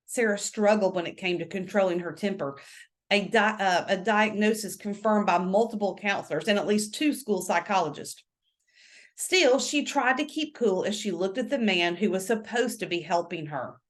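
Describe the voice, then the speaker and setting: Expressive woman reading a novel. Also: mid-range voice, moderate pace. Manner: expressive storytelling. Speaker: book reader.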